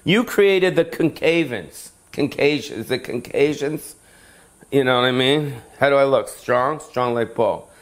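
Rambling, foul-mouthed comedian ranting. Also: male voice, medium pitch, unhurried. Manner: rambling, swearing, jokey asides to viewers. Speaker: comedian hosting a weekly rant show. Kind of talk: comedic profane rant to camera.

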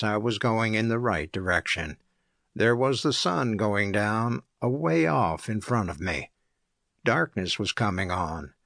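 A man reading an audiobook aloud as narrator, in a measured, even storytelling manner. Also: on the low side, vocal fry, dry recording, studio quality. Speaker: audiobook reader.

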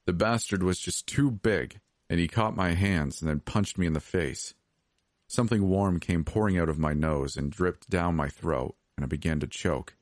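A man reading a scripted horror story as podcast narrator, steady and measured. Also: low voice, dry recording, studio quality.

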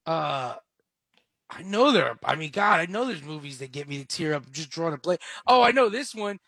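A man's voice: on the high side, moderate pace, vocal fry, dry recording, clean studio sound. A man hosting a comedy radio show, chatting casually and acting out scenes as he tells stories. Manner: animated storyteller, acts out movie scenes.

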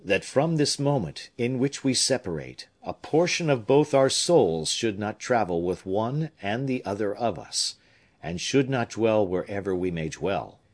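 A grave and tender aging nobleman speaking to his son, as a male reader voices him. The voice is low and rich with feeling, rising and falling broadly in solemn storybook fashion. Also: sing-song, unhurried, full character voice. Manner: solemn, heartfelt delivery.

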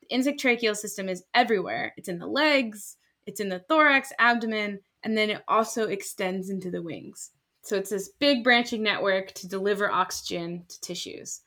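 A woman scientist in her thirties, explaining her research in lively casual conversation and acting out quoted voices. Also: mid-range voice, normal speed. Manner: animated, acts out quoted voices. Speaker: scientist guest.

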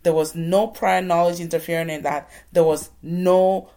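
A woman for whom English is a second language, telling her own story slowly and deliberately, pausing between phrases. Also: fairly low pitch, steady tone, mellow. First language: not English. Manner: slow and deliberate, with pauses. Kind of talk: reflective personal storytelling.

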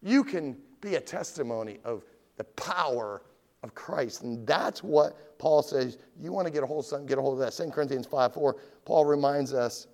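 A man preaching a sermon, swinging between loud rising questions and low quiet asides, and reading scripture in a heightened, drawn-out voice. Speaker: pastor.

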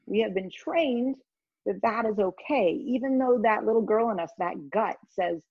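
A woman guest in an interview, telling stories in a rambling, animated way. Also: on the high side, moderate pace, slightly rough, no echo, muffled recording. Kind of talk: conversational storytelling.

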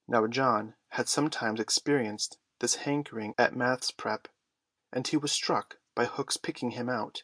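A man reading a children's story aloud in an even, measured way. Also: medium pitch, slightly rough, dry recording, studio quality. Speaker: audiobook reader. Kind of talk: storybook narration.

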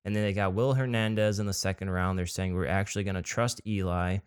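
A man's voice: deep voice, fairly even intonation, fast, clear, resonant tone, no echo, studio quality. A man with a country American accent, co-hosting a sports podcast with casual, self-deprecating banter. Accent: American rural. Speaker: podcast co-host.

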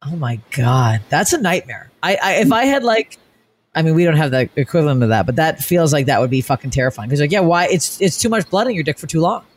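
A man's voice: a little high, big pitch swings, quick pace. A man hosting a casual chat who reacts with short exclamations and jokes.

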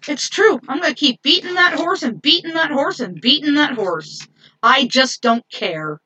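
A woman's voice: sits high, sharp tone, dry recording. A woman venting in an angry monologue, repeating herself and swearing for emphasis. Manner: angry, repetitive ranting; profane, emphatic. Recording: dull lo-fi sound from a distance.

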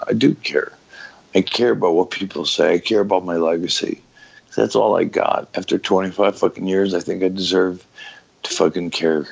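A middle-aged man with a very low, gravelly voice speaks frankly as an interview guest. His talk is raw and full of swearing, and he breaks off and restarts his sentences often. The recording sounds dull and lo-fi. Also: fairly even intonation. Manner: raw, profane, halting with many restarts. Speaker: guest, former pro wrestler.

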